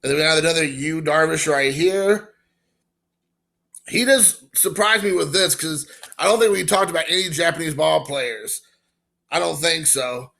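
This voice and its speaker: A man in his forties from Indiana, excitedly opening and showing baseball cards in a casual, rambling vlog. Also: a little high, normal speed, gravelly. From Indiana, USA. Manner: excited, emotional, rambling with fillers. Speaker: baseball card collector vlogger.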